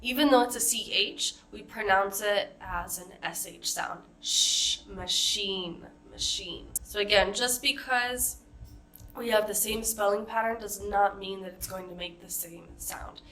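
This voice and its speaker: A woman with an American accent leads a pronunciation lesson at an unhurried pace. Her voice is bright and crisp. She models each example word slowly and with care. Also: medium pitch. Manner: slow, carefully modeled example words. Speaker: accent coach.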